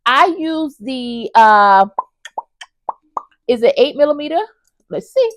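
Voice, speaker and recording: A woman's voice: a little high, expressive, normal speed, no echo. A woman vlogger chatting casually about her crochet projects, enthusiastic and talking straight to her viewers. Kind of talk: casual review chat.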